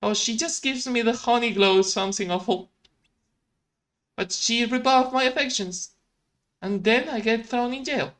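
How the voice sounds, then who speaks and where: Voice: mid-range voice, moderate pace, pauses often, fairly bright tone, pitched above the performer's own voice, close to an everyday voice. A streamer voicing a fussy, old-fashioned little handyman in a game cutscene, reading his lines in a prim, scolding way. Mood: aggrieved. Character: fussy cheerful little handyman, adult man.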